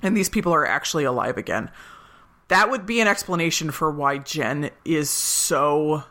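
Woman, podcast co-host, bright tone, chatty recap, quotes characters. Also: deep voice, normal speed. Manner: chatty, retells scenes with quoted lines. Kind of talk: casual recap chat.

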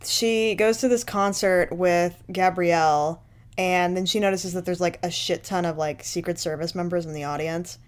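A woman's voice: lowish voice, steady tone, moderate pace, smooth. Sarcastic woman recapping a movie. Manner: sarcastic, profane, laughs often. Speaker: podcast co-host. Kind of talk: casual movie recap chat.

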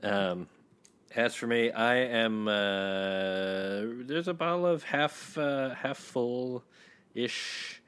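A man's voice: medium pitch, drawn-out words, fairly bright tone, clean tone. A man co-hosting a podcast, rambling casually with many fillers. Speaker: podcast co-host. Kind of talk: casual chat.

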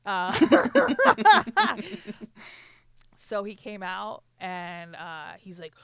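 A woman in her twenties co-hosting a podcast, telling a story in a heated, profane way with loud bursts of emphasis. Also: lowish voice, expressive, unhurried, clean tone. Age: 20s. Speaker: podcast co-host. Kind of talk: casual chat.

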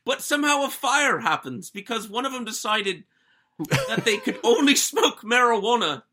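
Guy doing a goofy bad british accent, young brit telling his crazy night, high bright voice jumping all over. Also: lively intonation, normal speed, exaggerated voice. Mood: playful. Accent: bad put-on British. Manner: first-person storytelling with a jokey, self-mocking accent. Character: young British man retelling his wild Vegas night. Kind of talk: comedic first-person plot recap.

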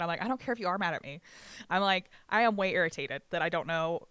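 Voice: medium pitch, racing, fairly bright tone, clean tone, dry recording. A speaker telling a work story in a casual chat, swearing freely and acting out what each person said, with laughs along the way. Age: adult with ten years of banquet work. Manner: swears freely, acts out quoted dialogue, frequent laughs.

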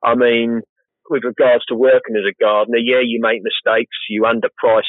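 A man's voice: mid-range voice, little pitch movement, normal speed, no echo. A man, a professional gardener, chatting casually and rambling a little as an interview guest. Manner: chatty, rambling, self-deprecating. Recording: tinny phone-like line, dry.

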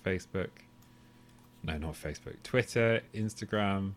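A man's voice: low voice, unhurried, a little hiss or hum. A man co-hosting a podcast, talking casually in long rambling, tangential stretches with the odd swear. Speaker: podcast co-host. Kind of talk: casual chat.

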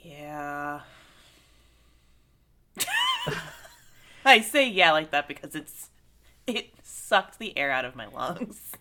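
A young woman co-hosting a casual talk about a film, her voice sitting low yet sounding bright and forceful. She rambles in an animated way, filling gaps with "like" and the odd curse. The tone is loose and conversational. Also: a little slow, slight background noise. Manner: animated, heavy on "like" fillers, swears freely. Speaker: podcast co-host.

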